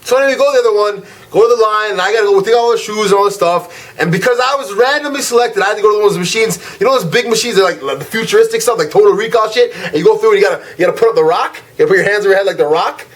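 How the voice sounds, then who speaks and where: A young man from Canada, a vlog host, telling a travel story as a slangy, animated rant. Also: high voice, rapid-fire, few pauses. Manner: animated, slangy, swings from loud irritation to laid-back drawl.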